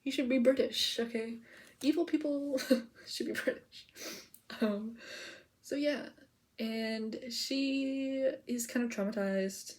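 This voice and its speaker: A woman's voice: on the high side, takes it slowly. A woman vlogger chatting casually to the camera, rambling and giggly, full of "like" and "okay?" as she info-dumps. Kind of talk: casual POV chat to camera.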